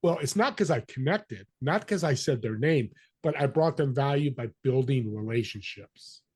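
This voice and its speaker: Husky, lively older storytelling man. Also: medium pitch, normal speed. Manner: energetic storyteller, acts out quoted voices. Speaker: podcast guest. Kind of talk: conversational interview.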